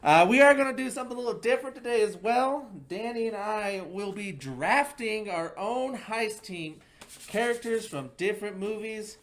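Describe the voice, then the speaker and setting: A man hosting a casual movie podcast, joking around and excitable. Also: high-pitched, moderate pace. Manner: jokey, playful, excitable. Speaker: podcast host. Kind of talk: casual chat.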